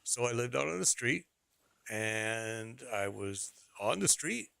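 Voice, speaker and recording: A man's voice: mid-range voice, lively intonation, slow, creaky, a bit bright, smooth, no echo. A middle-aged man streaming, telling a rambling personal story in casual talk, repeating phrases and laughing as he goes.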